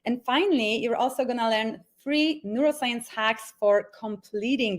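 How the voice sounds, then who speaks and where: A woman coach hosting a live online masterclass, upbeat and encouraging, with the odd filler pause, speaking into a video call microphone. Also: a little high. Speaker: mindset coach hosting a webinar.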